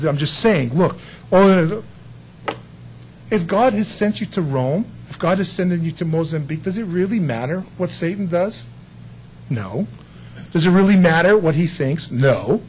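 Man preaching in a chatty, animated way. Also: a little high, slight background noise, poor audio. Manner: conversational preaching with acted-out quotes. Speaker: pastor. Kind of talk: sermon.

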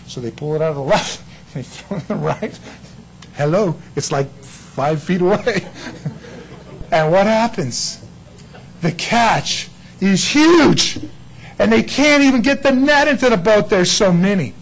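A man's voice: sits high, sing-song, moderate pace, a little hiss or hum, low-quality recording. A man preaching a casual, storytelling sermon who acts out quoted characters and laughs often.

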